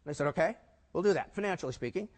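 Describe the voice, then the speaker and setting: A man's voice: fairly high pitch, rapid-fire. Man telling stories in a hall. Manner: animated storyteller acting out quoted dialogue. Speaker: keynote speaker. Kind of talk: storytelling keynote talk. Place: conference hall. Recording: hall reverb.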